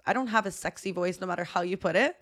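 A woman's voice: fairly low pitch, fast, fairly bright tone. A woman with a thick voice, co-hosting a podcast and telling a story in casual chat, acting out quotes and laughing often. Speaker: podcast co-host.

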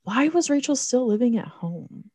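A woman's voice: a little high, big pitch swings, moderate pace, warm tone, husky, no room sound, clean studio sound. A woman co-hosting a podcast in casual chat, laughing often as she mocks a movie's dialogue. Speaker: podcast co-host.

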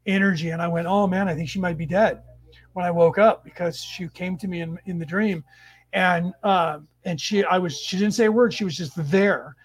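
A man's voice: sits high, moderate pace, no room sound. A middle-aged man hosting a spiritual study class, telling a personal story in a casual, rambling way with many restarts and asides.

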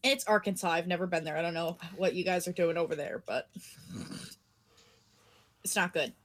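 A woman's voice: lowish voice, fairly quick. A young woman co-hosting a casual podcast, reading odd news stories aloud and laughing often. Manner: giggly, animated. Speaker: podcast co-host.

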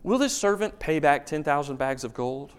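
A man's voice: fairly high pitch, animated, moderate pace, smooth. A man preaching a sermon as pastor, telling a story with emphasis and asking rhetorical questions. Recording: long reverb of a large hall.

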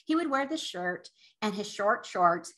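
Bright-voiced woman co-hosting a podcast, swoopy lively pitch, prompts her sister, laughs easy. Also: measured pace. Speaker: podcast co-host. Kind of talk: casual storytelling chat.

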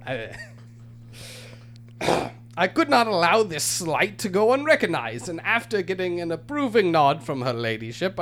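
A man's voice: sits high, a bit bright. A man, a podcast host, reading a comic, mock-formal letter aloud in a pompous, theatrical narrating voice.

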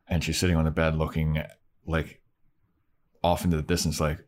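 A man co-hosting a casual podcast, retelling a TV episode with crude jokes and quick voices for the characters. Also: extremely low pitch, completely flat delivery. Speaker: podcast co-host recapping a TV episode. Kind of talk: casual chat.

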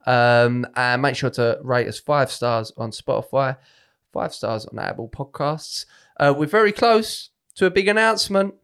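A man with a mid-range voice wraps up his podcast episode. He sounds relaxed and matey, and he peppers his thanks and plugs with casual slang. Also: mid-range voice, a little slow, smooth. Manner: laid-back, chummy, says "mate" and "man" a lot. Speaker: podcast host. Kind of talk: casual chat and show sign-off.

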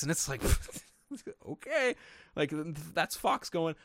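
A man talking on a podcast in a lively, swooping voice, swearing freely and slipping into voiced quotes as he tells stories. He sounds close and dry on the mic, with no room around him. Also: fairly high pitch, slow, no echo. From Sacramento, California. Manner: animated, profane storytelling with lots of voiced quotes. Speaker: podcast co-host. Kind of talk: casual chat.

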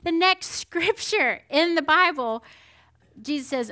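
A woman giving a sermon in a conversational, animated storytelling manner, often checking in with the listeners. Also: high voice, takes it slowly. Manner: animated storytelling with frequent "right?" asides. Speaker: preacher.

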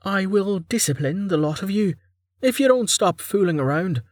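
A man's voice: sits high, moderate pace, husky, dry recording, studio quality, voice pushed up. Stern woman commander, raised voice, clipped and weary; male narrator. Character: composed, commanding woman leader.

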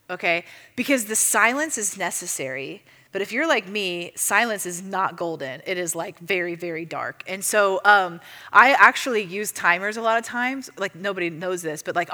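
A woman teaching a church audience in a casual, chatty way, full of fillers and lively storytelling. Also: medium pitch. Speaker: ministry teacher. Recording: long reverb of a hall.

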